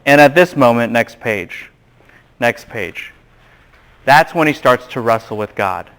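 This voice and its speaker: A man giving a classroom Bible lecture, animated and quizzing the students with questions. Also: medium pitch, measured pace, clear, resonant tone.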